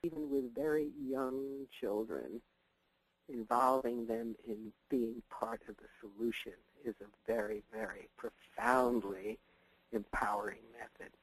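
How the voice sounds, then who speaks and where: A man's voice: measured pace, creaky, slightly rough, low-quality recording. An older man telling a family anecdote on a parenting podcast, chuckling often as he talks. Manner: chuckling, animated storyteller with a wide-ranging pitch. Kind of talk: anecdotal storytelling.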